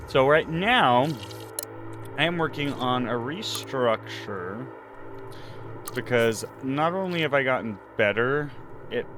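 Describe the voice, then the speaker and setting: Male game streamer, winded, casual and self-mocking chat, average pitch, light background noise. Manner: chatty, self-deprecating, sighs and laughs softly. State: out of breath.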